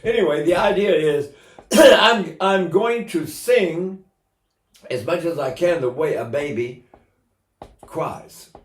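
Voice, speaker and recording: A man's voice: on the high side, expressive, slow pace, pauses often. Chatty man in his eighties, roomy echo. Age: 80s. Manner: chatty, anecdotal, joking asides. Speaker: voice teacher. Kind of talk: informal singing lesson.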